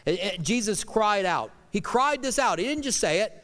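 A middle-aged man delivers a sermon with earnest conviction, his voice sitting a little high for a man. He pushes some lines out loudly and drops others to a hush. A long reverb trails each phrase, as in a church sanctuary. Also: lively intonation, normal speed. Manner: earnest preaching, swings from loud to hushed. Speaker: pastor.

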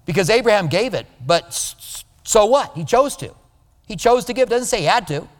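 A male pastor giving a conversational sermon, animated and now and then mimicking other people's voices. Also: high voice, moderate pace, big-room sound.

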